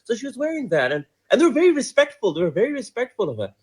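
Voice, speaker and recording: A man from Pakistan, casually retelling a news story, animated and laughing often. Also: very high voice, racing, husky. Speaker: commentator.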